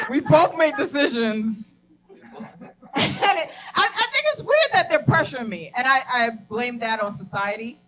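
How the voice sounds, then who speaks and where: A woman's voice: a little high, fairly bright tone, rough recording. A young woman performing a profane stand-up comedy set at a live venue, laughing at her own jokes.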